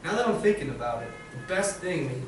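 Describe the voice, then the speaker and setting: Energetic male trainer in an echoey classroom. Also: a little high, fast, over music. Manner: energetic, demonstrative, acts out examples. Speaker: teacher trainer. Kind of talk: live training session. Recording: very echoey room, far mic, faint noise.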